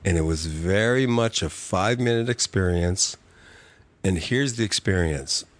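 A man's voice: sits low, a little slow, dry recording. Older man telling a wild story. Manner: vivid, profane, animated storyteller. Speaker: guest comedy writer. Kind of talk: casual podcast storytelling.

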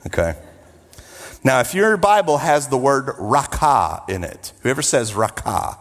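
A man preaching a sermon, emphatic, with drawn-out repetitions and joking asides. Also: medium pitch, sing-song, in a large hall.

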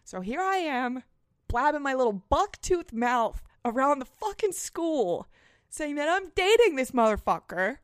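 A woman in her twenties hosting a podcast, telling a story in a casual, animated, self-mocking way with plenty of swearing. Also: high voice, unhurried, no echo, clean studio sound. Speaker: podcast host.

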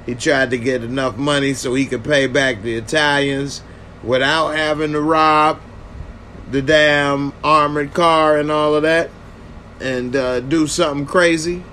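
With a fairly high, bright and forceful voice, a man reviews a TV episode in a relaxed reaction video and answers viewer comments. He keeps a steady tone and a slightly slow pace, with a bit of hiss or hum.

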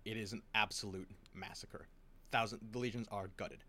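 A man casually retelling a long story to a friend, rambling with restarts and quick acted quotes. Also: on the low side, fairly even intonation, sharp tone. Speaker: lore explainer.

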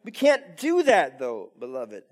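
A man preaching a sermon in a casual, conversational way, putting rhetorical questions to the congregation and swinging between loud emphasis and quiet asides. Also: medium pitch, wildly swooping pitch, unhurried.

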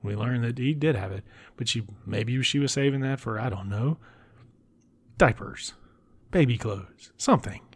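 A man giving a casual recap of a film, talking bluntly with profanity and dropping into breathy whispered asides. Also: mid-range voice. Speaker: film reviewer.

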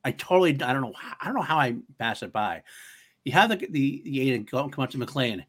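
Bright, lively man chatting on a podcast. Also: mid-range voice. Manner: enthusiastic, quick to laugh, quotes movie lines. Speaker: podcast co-host. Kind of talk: casual podcast chat.

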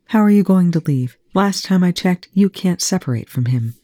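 A reader voicing a female ship medic who speaks softly but turns sharp and commanding, in a fan fiction audiobook. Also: medium pitch, expressive, moderate pace, dry recording, clean studio sound, voice pushed up, lightly acted. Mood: firm.

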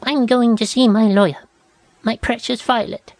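A woman putting on a shrill, pompous rich lady. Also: steady tone, moderate pace, a little mellow, dry recording, close to an everyday voice. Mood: indignant. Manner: indignant, fussing over her dog.

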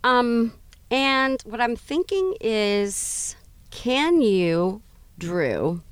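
A woman's voice: a little high, smooth, no room sound. A middle-aged woman co-hosting a radio show, bantering playfully and laughing often, recorded in a mobile studio. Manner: playful, quick to laugh, animated. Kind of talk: casual banter.

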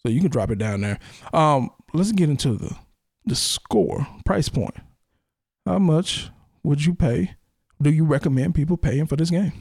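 A man's voice: on the high side, expressive, unhurried, gravelly, a little mellow, husky, dry recording, clean studio sound. A man co-hosting a podcast, arguing his points bluntly and insistently in casual chat about a game. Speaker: podcast co-host.

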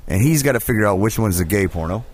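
A man's voice: fairly low pitch, lively intonation, fast talker, a little mellow. A man hosting a podcast, running bits and teasing guests in crude comedic banter. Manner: brash, teasing, runs the segment. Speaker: podcast host.

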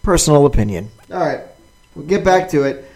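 A man's voice: fairly high pitch, expressive, fairly quick, gravelly, darkish tone. A man casually commenting on a show he is watching, chatty and amused, sharing his own opinion. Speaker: viewer reacting to a show.

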